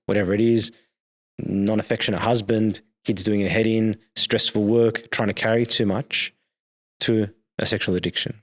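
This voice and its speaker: A man, a priest, explaining things earnestly in a podcast discussion and checking in with "right?". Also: on the low side. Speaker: priest guest.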